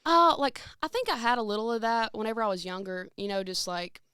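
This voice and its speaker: A woman's voice: fairly high pitch, quick pace, pushed and bright, clear, resonant tone, dry recording, clean studio sound. A young woman, a singer and podcast guest, telling stories in casual chat with lots of fillers. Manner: chatty storyteller, lots of fillers, slips into quoted voices.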